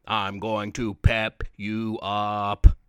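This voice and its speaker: A man voicing a giant, bellowing male soda monster in a storybook reading, with a slow, menacing bellow. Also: lowish voice, monotone, a bit bright, smooth, no echo, clean studio sound, voice pushed down.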